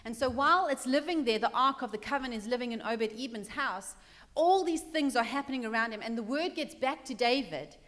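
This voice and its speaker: A woman with a fairly high voice preaches to her congregation, retelling the story in a chatty way. She acts out what the characters say and swings between loud passages and hushed ones. Her voice rings through a reverberant church hall. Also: lively intonation, brisk. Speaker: pastor. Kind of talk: sermon.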